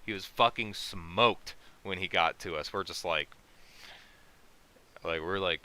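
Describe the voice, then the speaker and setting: A man's voice: sits low, a little slow, long pauses, sharp tone. A man hosting a casual podcast chat, telling a rambling, profane story with many fillers. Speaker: podcast host.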